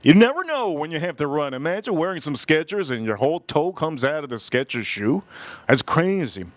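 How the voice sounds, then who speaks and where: A man hosting a livestream, telling a story in an animated, emphatic way and repeating phrases for effect. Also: a little high, fairly quick, no echo. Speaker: livestream host. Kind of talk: live-stream storytelling chat.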